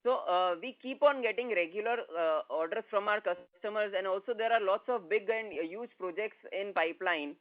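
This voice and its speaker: A man, a company executive giving steady, detailed answers on an earnings call. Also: sits high, moderate pace, few pauses. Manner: steady, explanatory, with fillers. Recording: phone-like conference line.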